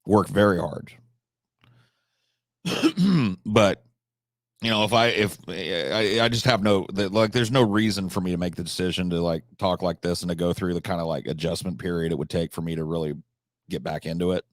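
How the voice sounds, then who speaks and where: A man's voice: deep voice, moderate pace, dry recording, clean studio sound. A man from California hosting a livestream, answering viewers in an articulate, reflective way and letting a country drawl slip in now and then. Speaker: livestream host.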